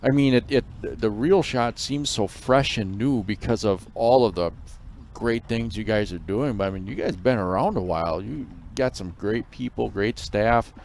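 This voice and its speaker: A man co-hosting a live fishing stream in relaxed, conversational commentary, often pausing on fillers. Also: on the low side, a little hiss or hum.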